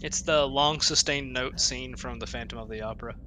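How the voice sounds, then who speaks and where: A man's voice: medium pitch, fairly quick, sharp tone, poor audio. A man playing in a tabletop game, joking playfully with the table. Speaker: player.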